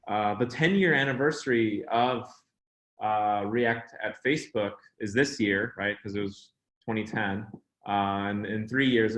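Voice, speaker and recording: A man's voice: on the low side, fairly bright tone, roomy sound, low-quality recording. A man giving a casual tech talk at an online meetup over a video call, chatty and rambling. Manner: chatty and rambling, lots of "you know" and "uh". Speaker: guest speaker at online meetup.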